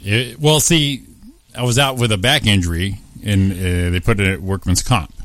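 A man's voice: on the low side, fairly even intonation, normal speed, a bit bright, no echo. A man co-hosting a casual podcast, talking plainly and throwing in dry, wry short comebacks. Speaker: podcast co-host.

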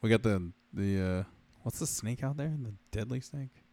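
A man's voice: on the low side, moderate pace, mellow. A man co-hosting a podcast in casual chat, joking and teasing in an offhand way. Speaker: podcast co-host.

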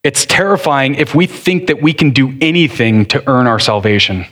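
A man pastor preaching a sermon earnestly, leaning hard on key words and then rushing through others. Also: medium pitch, a bit bright. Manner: earnest preaching, shifting between slow deliberate stress and quick bursts.

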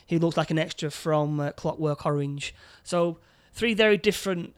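A man co-hosting a casual film review chat, recounting scenes in a halting way with many repeated words and fillers. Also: on the high side, clean tone. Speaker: podcast co-host.

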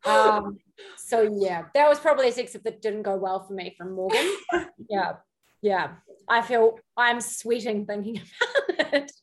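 A woman's voice: medium pitch, lively intonation, unhurried. A woman in her thirties, a guest on a video-call interview, chatting casually and rambling through stories with frequent giggles. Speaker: guest, podcast co-host.

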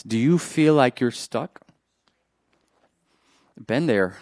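A man preaching a sermon, animated and joking with the congregation, swinging from loud bursts to quiet asides. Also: medium pitch, unhurried, long pauses, no echo, clean studio sound. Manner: jokes with the congregation.

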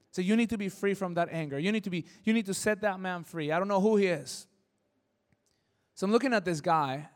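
High-voiced preacher man telling stories. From Mexico. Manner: animated, shifting from hushed to loud and emotional. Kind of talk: sermon storytelling.

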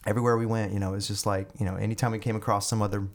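A man with a fairly low voice spins a long story in a casual podcast interview. He rambles, restarts and leans on fillers, his delivery animated and loose. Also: rapid-fire. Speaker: guest musician and army veteran.

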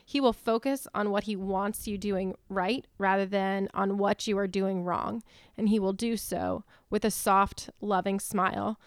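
A woman's voice: medium pitch, fairly even intonation, measured pace, clean tone, no room sound, studio quality. A woman co-hosting a church talk, steadily reading out a list of teaching points and citing verses one after another. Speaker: church co-host.

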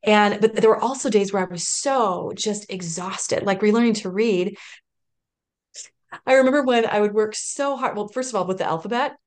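A woman's voice: medium pitch, normal speed. A woman in her thirties telling a personal story in an interview, earnest and emotional, often restarting sentences and laughing. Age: 30s. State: close to tears at moments. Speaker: podcast guest.

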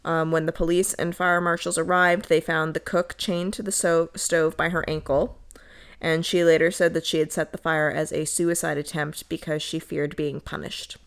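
A woman from Connecticut telling a dark history story on a casual podcast, swearing and joking between quotes she reads. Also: low-pitched, flat delivery, normal speed, clear, resonant tone. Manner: profane, laughing, jokey asides while reading quotes.

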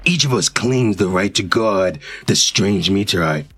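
A man's voice: lowish voice, expressive, unhurried, fairly bright tone, breathy edge, soft background music, full character voice. A man voicing a solemn alien eye creature. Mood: formal. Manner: stiff, formal pronouncements. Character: alien eye-creature guardian, formal and commanding.

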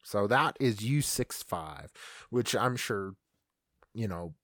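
A man's voice: on the low side, lively intonation, slow, a bit bright, no echo, studio quality. A man co-hosting a podcast, casually retelling creepy history stories with fillers and stumbles. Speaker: podcast co-host. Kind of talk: casual storytelling chat.

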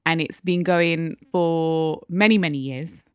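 A woman's voice: low voice, steady tone, a little slow, smooth, no echo, clean studio sound. A woman from Newcastle co-hosting a casual podcast, chatting and rambling through stories. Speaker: podcast co-host.

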